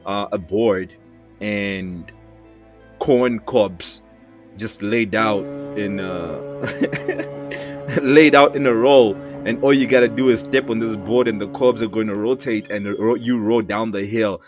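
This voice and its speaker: A man telling a personal childhood story in a casual, lively way, acting out voices as he goes. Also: fairly low pitch, slow. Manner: lively, acts out voices in his anecdotes. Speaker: storyteller, animator. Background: background music.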